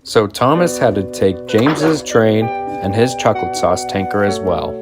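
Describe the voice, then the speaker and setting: A man narrating a storybook in an animated way, performing all the voices himself. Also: fairly low pitch, a little slow. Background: music.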